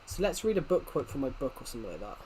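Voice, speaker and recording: A man's voice: medium pitch, sing-song, rapid-fire, a little mellow, a little hiss or hum. A young man with a working-class southwest England accent, chatting casually on a live stream, rambling and repeating himself as he reads the chat aloud.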